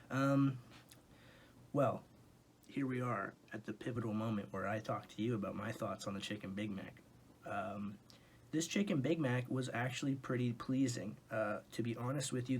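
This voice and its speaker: A young man rambles through a comic fast-food review, wandering off on tangents and breaking into sweary rants. His voice sits at an ordinary middle pitch. Faint noise and a few clicks run behind him in his dim room.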